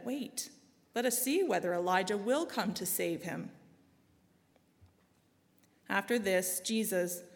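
Woman, solemn scripture reading, measured, softens at grave lines, long hall reverb. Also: medium pitch. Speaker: scripture reader.

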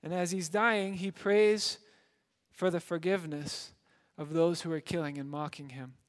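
A man preaching a sermon as a dramatic story, shifting between loud emphasis and hushed moments. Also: on the high side, fairly even intonation, a little slow. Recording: long hall reverb.

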